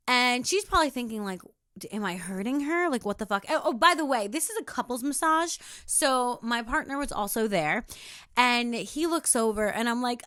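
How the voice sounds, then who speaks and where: A young woman hosting a podcast, talking casually on her own, emphatic and animated, swearing freely and acting out the voices of people she quotes. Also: on the high side, no room sound, studio quality. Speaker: podcast host. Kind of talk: casual solo podcast monologue.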